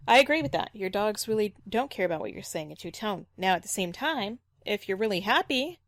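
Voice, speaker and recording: A woman's voice: mid-range voice, expressive, brisk, dry recording. Dry-voiced woman dog trainer critiquing firmly. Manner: critical and explanatory, repeats points firmly. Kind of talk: reaction video commentary.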